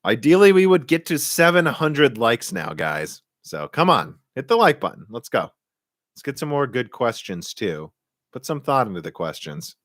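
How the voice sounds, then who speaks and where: A man's voice: medium pitch, very animated, fairly bright tone, no echo, studio quality. A young man with a Midwestern American accent from Minnesota, casually answering viewer questions on a live stream in an opinionated, bursty way. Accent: Midwestern American, Minnesota, Michigan and central Illinois. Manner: opinionated, talks in quick bursts with restarts and laughs. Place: home room.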